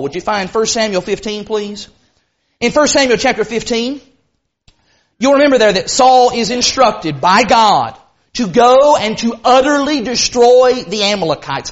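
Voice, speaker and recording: A man preaching a sermon to a congregation in an emphatic, folksy way. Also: very high-pitched. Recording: dull lo-fi recording.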